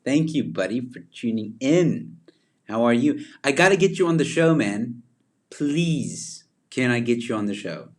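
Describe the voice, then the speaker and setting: A man from Zimbabwe hosts a casual livestream, greeting viewers by name and reading their comments as he rambles with lots of fillers and restarts. His voice is medium in pitch with lively intonation, and he speaks at a measured pace.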